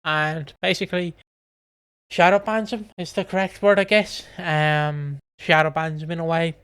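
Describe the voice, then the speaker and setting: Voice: medium pitch, steady tone, moderate pace, a bit bright, clean tone. A co-host of a casual podcast, rambling through a recap with frequent swearing and laughter. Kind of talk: casual chat, recapping a soap.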